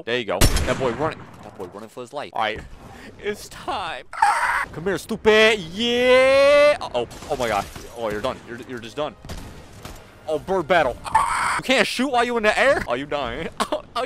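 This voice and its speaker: A man giving excitable live gameplay commentary, reacting loudly and talking to his viewers. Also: medium pitch, background noise. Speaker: gaming video creator.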